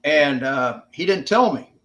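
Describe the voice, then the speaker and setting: A man's voice: fairly high pitch, lively intonation, a little slow, a bit bright. An older American man, a veteran guest on an interview podcast, telling stories in a plainspoken, casual way with some swearing. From United States.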